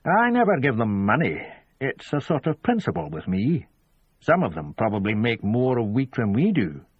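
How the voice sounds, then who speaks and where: A man's voice: mid-range voice, huge pitch swings, normal speed, breathy edge, no room sound. A man doing a smug young detective. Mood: dismissive. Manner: needling, know-it-all questioning. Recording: dull lo-fi audio.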